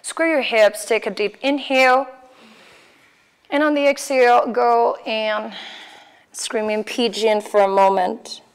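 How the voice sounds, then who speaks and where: A woman with a Mexican Spanish accent, guiding a yoga class with calm, slow cues for breath and poses. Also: fairly high pitch, clear, resonant tone. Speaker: yoga instructor. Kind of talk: guided yoga class instruction.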